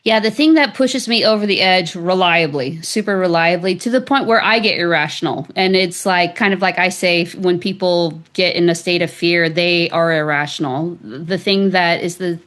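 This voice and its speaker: A woman's voice: on the low side, a bit bright. A woman author, a guest on an interview show, telling a personal story in a chatty, loose way full of fillers. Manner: chatty, with frequent "like" and laughs. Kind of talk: conversational storytelling.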